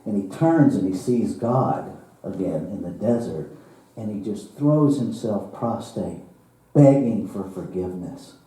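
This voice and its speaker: Slow, deep-voiced man preaching in an echoey hall. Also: animated. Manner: slow, dramatic parable telling with laughs and hushed drops. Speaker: minister. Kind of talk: sermon storytelling. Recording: roomy church hall, from far off.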